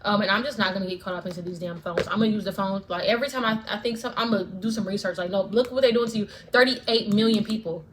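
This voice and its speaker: A woman's voice: mid-range voice, fast, few pauses, noisy background. A woman vlogger ranting straight to camera, fervent and profane, repeating lines for emphasis. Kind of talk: direct-to-camera rant.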